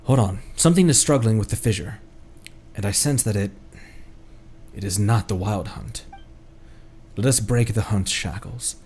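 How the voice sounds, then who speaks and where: A man's voice: fairly low pitch, moderate pace, long pauses, darkish tone, slight background noise. A man live-streaming a game in casual commentary, goofy and jokey, laughing at his own puns and reading in-game lore aloud.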